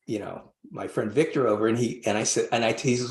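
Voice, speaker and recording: A fast-talking man with a mid-range voice tells a long personal story as a podcast guest, barely pausing. He rambles, restarts often, and animatedly acts out the voices of people he quotes, all in a roomy, echoing recording.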